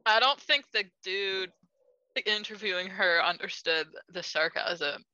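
Bright, slow-talking giggly woman. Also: medium pitch, no room sound, highs cut off. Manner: giggly, reacts with laughter. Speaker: podcast co-host. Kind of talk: casual chat.

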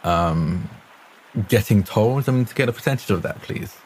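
Low-voiced man playing deadpan. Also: moderate pace, slight background noise. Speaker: player. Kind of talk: in-character tabletop play.

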